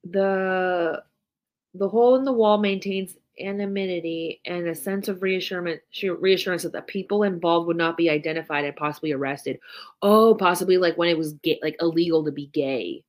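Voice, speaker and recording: Speaking at a normal speed in a voice on the low side, a podcast co-host tells her stories with animation. The conversation is casual, and she swears liberally.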